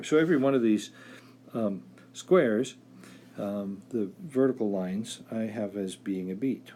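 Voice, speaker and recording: A man teaching music theory, explaining at an easy pace with many pauses and fillers, now and then singing and counting out rhythms. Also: lowish voice, dark tone, a little hiss or hum. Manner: hesitant, many "uh" fillers, sings and taps out rhythms. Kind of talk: relaxed classroom explanation.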